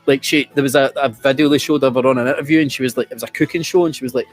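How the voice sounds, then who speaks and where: A man's voice: mid-range voice, fairly even intonation, very fast, few pauses, faint music behind. Chatty man hosting a quiz. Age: around 40. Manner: chatty, sweary, trailing restarts. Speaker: quiz host. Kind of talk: casual quiz-show banter.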